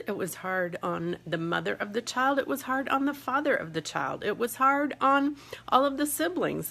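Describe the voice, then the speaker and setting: A woman vlogs from a hotel room, her phone held close as she chats and tells a story. Her voice is bright and a little tense, with a gravelly edge at the ends of her phrases. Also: medium pitch. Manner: chatty, animated when telling the story. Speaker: vlogger. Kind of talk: casual storytelling to camera.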